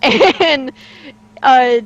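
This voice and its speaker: A woman with a fairly high voice tells an embarrassing story from behind the scenes in a lively, chatty way, laughing through it. The sound is a little dull and lo-fi. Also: drawn-out words. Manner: laughs through anecdotes, animated. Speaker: player and co-host. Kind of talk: casual storytelling chat.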